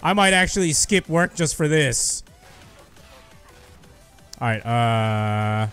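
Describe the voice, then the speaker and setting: A young man giving excited live commentary over his own gameplay, shouting and cheering when he gets kills. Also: fairly high pitch, slow, long pauses, clear, resonant tone, soft background music. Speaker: gaming youtuber.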